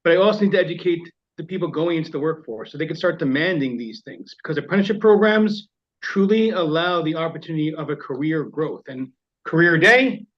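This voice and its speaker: Male guest, higher voice, fast and eager, lo-fi recording. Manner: eager, energetic. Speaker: guest speaker. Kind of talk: radio interview. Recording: dull lo-fi sound.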